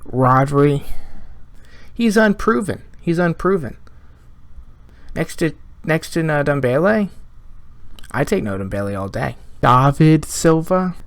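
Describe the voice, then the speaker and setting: A man's voice: on the high side, animated, slow, long pauses, dry recording. A man casually previewing a football match on his vlog, joking and rambling. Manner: jokey, rambling, asks viewers questions. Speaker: football fan vlogger.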